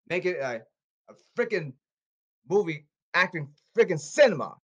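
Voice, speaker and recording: A man's voice: fairly high pitch, big pitch swings, measured pace. A man delivering an angry, repetitive rant, scolding and demanding, often stumbling over his words.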